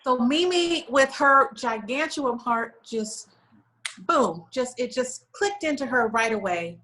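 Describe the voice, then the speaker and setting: A woman's voice: a little high, lively intonation, takes it slowly, pushed and bright, poor audio. A woman guest on a talk show, sharing an emotional story in an earnest, conversational way, with frequent "you know" fillers. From United States. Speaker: guest, lingerie shop owner.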